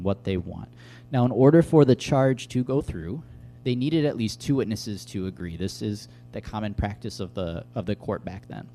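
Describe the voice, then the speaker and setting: A young adult man giving a casual, conversational bible teaching, telling stories with lively asides. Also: fairly low pitch. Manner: conversational, animated storytelling with asides.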